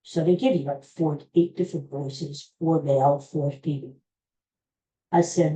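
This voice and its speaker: A woman's voice: low-pitched, fairly even intonation, unhurried, warm tone, poor audio. A woman hosting a podcast, chatting casually and rambling with exclamations. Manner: rambling, exclaiming, talks to herself. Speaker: podcast host. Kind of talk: casual chat.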